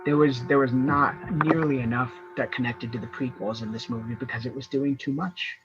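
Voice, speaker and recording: A man's voice: mid-range voice, fairly even intonation, a little fast, dull audio, loud music behind the voice. A man co-hosting a casual fan review show, talking in long rambling runs with many restarts. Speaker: co-host.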